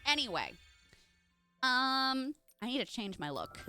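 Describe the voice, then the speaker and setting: A woman's voice: high-pitched, big pitch swings, a little slow, pauses often, over music. A young woman live streaming a game, chatting casually and gushing as she talks straight to her viewers. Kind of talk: casual live-stream chat while gaming.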